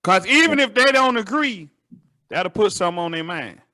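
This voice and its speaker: A man's voice: high-pitched, lively intonation, normal speed, sharp tone. A man with a Southern American accent hosting a talk show, speaking earnestly and conversationally. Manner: earnest, conversational, preachy asides. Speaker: show host. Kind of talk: casual interview conversation.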